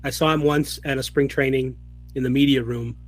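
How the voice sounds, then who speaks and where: A man co-hosting a podcast who chips in with quick jokes and comments in casual chat. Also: medium pitch, fairly even intonation, no room sound. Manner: quick wisecracking interjections. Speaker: podcast co-host.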